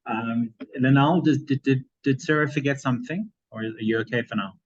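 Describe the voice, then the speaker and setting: A man chairs an academic seminar and offers his comments haltingly, stacking fillers and restarting his phrases. The sound is very dry and close, with a dull, lo-fi tone. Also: mid-range voice, slightly rough, no echo. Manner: hesitant, many fillers and restarts.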